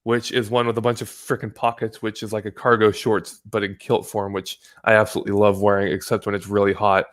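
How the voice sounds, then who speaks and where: A man's voice: on the low side, level tone, fairly quick, hardly any pauses. A man from the United States, a guest on the show, talking in a rambling casual way, swearing freely and often restarting his sentences. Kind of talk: casual chat. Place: home in California.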